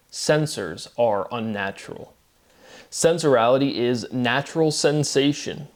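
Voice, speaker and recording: A man giving an unscripted solo lecture, repeating his definitions with emphatic phrasing, often breaking in with "um" and "right?". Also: mid-range voice. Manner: repetitive, emphatic, circling through definitions; filler-heavy with frequent "right?" and "um".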